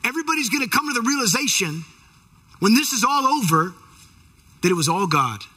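A man preacher giving an animated sermon, emphatic as he retells scripture scenes. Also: extremely high pitch, fairly quick.

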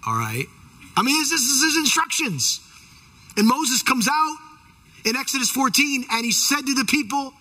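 Animated preacher man, husky and bright. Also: very high voice, normal speed. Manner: animated, emphatic, retells scripture scenes. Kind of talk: sermon.

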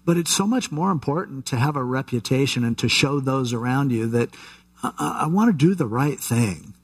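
A man preaching a conversational Bible-teaching sermon, relaxed and chatty, with asides and frequent restarts. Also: mid-range voice, normal speed, slightly rough. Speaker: pastor.

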